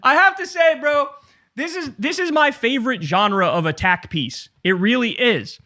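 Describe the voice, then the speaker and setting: In his thirties, this man hosts a casual political commentary show where he rants sarcastically and swears a lot. His voice is very high-pitched and he talks at a normal speed. The delivery is profane and animated.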